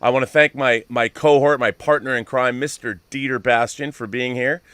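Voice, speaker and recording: An effusive man hosting a live talk show, thanking his guest and crew as he signs off. His voice is bright and forceful, smooth and crisp. The sound is dry, with no room echo. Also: mid-range voice, fairly even intonation, normal speed. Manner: effusive, talks with many restarts. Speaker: host. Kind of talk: live-stream show sign-off.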